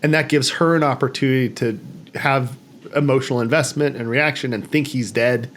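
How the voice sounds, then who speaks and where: A man's voice: mid-range voice, a little fast, a little hiss or hum. A man casually talking through a movie on a podcast, acting out characters' lines in a raised voice. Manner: animated, acts out quoted lines in raised voices. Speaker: podcast host.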